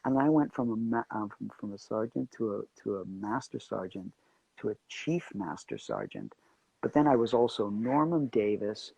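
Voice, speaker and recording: A man being interviewed as an actor guest, telling animated anecdotes and acting out the voices of people in them. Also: on the low side, normal speed, creaky, breathy edge, no echo, lo-fi sound. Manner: animated storyteller acting out quotes.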